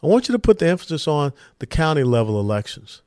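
A man's voice: fairly high pitch, big pitch swings, fast talker, darkish tone, no room sound, clean studio sound. A man hosting a political podcast, giving an emphatic commentary monologue and asking rhetorical questions. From lives in Texas. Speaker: podcast host.

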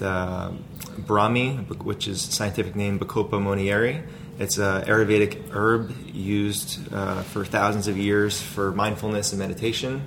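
A man with a fairly low voice talks loosely about his company. He rambles, trailing off into fillers and restarts. A faint rumble sits underneath. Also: vocal fry. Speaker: food company founder. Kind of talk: casual interview talk.

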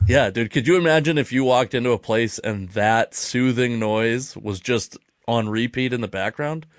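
A man's voice: mid-range voice, moderate pace, dry recording, studio quality. A man hosting a podcast in a jokey, self-deprecating way. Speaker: podcast host. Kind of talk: casual podcast chat.

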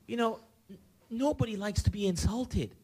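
Loud, earnest man speaking up from the audience. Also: high voice, normal speed, breathy edge. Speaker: audience member. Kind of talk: speaking up in a group discussion.

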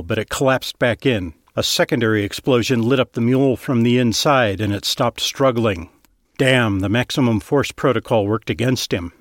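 A man reading scripted fiction narration in a steady, even storytelling manner, close to the mic. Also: medium pitch, no echo.

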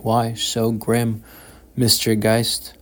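A man reading the part of a patient, kind old lighthouse keeper who speaks in gentle, calm questions. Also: fairly low pitch, drawn-out words.

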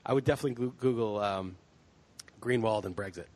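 A man's voice: on the low side, a little fast, darkish tone. A man hosting a podcast in casual chat, heated and ranting, swearing freely. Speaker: podcast host.

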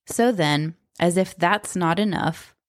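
A woman's voice: on the low side, takes it slowly, no echo, studio quality. A woman in her thirties giving blunt, sarcastic spoken commentary, swearing freely. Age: 30s. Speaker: book commentator.

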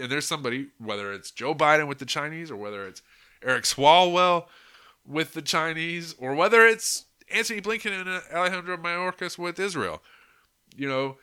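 A man with a very bright, sharp-edged voice, delivering a loose podcast monologue. He rambles, swears often and fills his talk with "you know" and "like". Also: on the high side. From United States. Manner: rambling and profane, heavy with "you know" and "like" fillers. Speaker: podcast host. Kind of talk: casual unscripted monologue.

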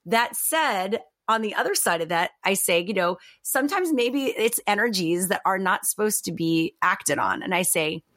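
A woman talking as a podcast guest in a reflective, animated way, with many fillers and restarts. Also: mid-range voice, moderate pace, hardly any pauses, no echo. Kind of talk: casual podcast conversation.

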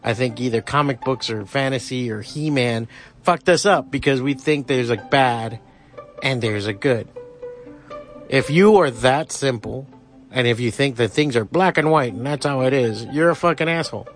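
Podcast host, male, mid-pitched, fired-up profane rant with sarcastic jabs, faint music underneath. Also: normal speed. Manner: heated, sarcastic, swears constantly. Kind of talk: profane ranting commentary.

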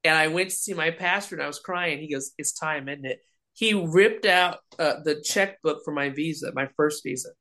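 This ordained minister, a woman interviewed about faith, talks at a moderate pace with a low pitch and few pauses. Her storytelling is animated, with impressions of the people she quotes.

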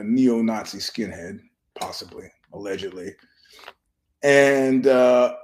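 A man's voice: fairly low pitch, a little mellow. A man hosting his own podcast, telling stories in a meandering, profane way and keeping his voice down. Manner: profane, meandering storyteller with frequent restarts; keeps his voice down so he won't disturb a filming nearby. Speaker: podcast host. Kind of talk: casual rambling monologue.

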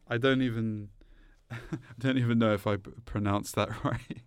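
A man with a British accent co-hosting a poetry podcast, reading slowly and carefully, then chatting casually with frequent restarts and easy laughs. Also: on the low side, steady tone, clear, resonant tone, no echo. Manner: slow deliberate reading, laughs easily, restarts often. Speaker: podcast co-host.

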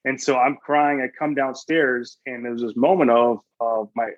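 A man's voice: mid-range voice, fairly even intonation, moderate pace, no echo, muffled recording. A man speaking as a guest chaplain in a podcast interview, telling stories earnestly, quoting his own thoughts and often restarting his sentences.

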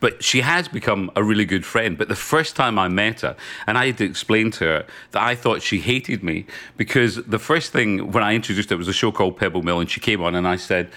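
A middle-aged man with a Glasgow accent, a podcast guest who tells animated anecdotes and laughs often. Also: on the low side, a little fast, hardly any pauses. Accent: Glaswegian. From Scotland. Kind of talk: casual podcast chat. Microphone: remote call.

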